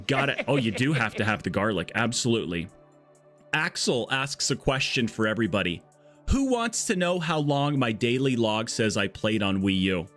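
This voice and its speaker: A man's voice: mid-range voice, fairly bright tone. A man streaming a game live, chatty and jokey, greeting and thanking his viewers. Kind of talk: live-stream chat while playing.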